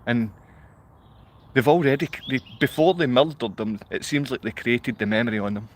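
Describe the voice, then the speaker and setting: A man's voice: mid-range voice, normal speed. A Scottish man ranting in a rambling monologue to a live online audience. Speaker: livestreamer.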